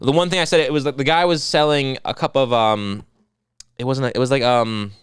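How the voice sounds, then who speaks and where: A man's voice: medium pitch, a little fast, clear, resonant tone, no room sound, clean studio sound. A man co-hosting a podcast, chatting casually and telling comic stories, acting out voices and swearing freely. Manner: animated storyteller who acts out haggling voices. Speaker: podcast co-host. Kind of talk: casual comedic chat.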